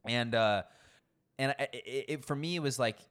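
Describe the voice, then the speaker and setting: A young man, a sommelier, telling work stories in a casual interview, animated and acting out the people he quotes. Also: mid-range voice, normal speed. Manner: animated, acts out quoted people, frequent swearing. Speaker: guest sommelier.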